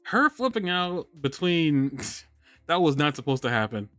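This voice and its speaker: A man's voice: on the high side, big pitch swings, unhurried, bright, forceful tone, dry recording, soft background music. A man hosting a live podcast, chatting casually and rambling, restarting his sentences and laughing often. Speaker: podcast host. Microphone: studio microphone on a live stream.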